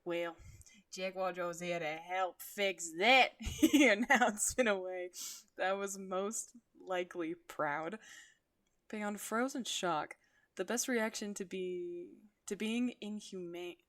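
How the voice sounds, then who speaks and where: A woman reading fan fiction aloud on a stream, unhurried, breaking off to laugh at herself. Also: lowish voice.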